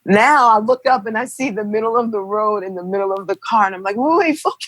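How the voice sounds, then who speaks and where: A young woman telling her birth story as a podcast guest, animated and acting out what people said. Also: medium pitch, fast talker, no echo, rough recording. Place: podcast studio.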